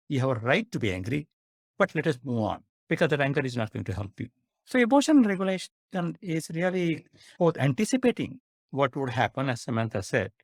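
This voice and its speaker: Animated, earnest man explaining. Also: mid-range voice, no echo, studio quality. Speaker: psychiatrist guest. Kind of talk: explanatory discussion with examples.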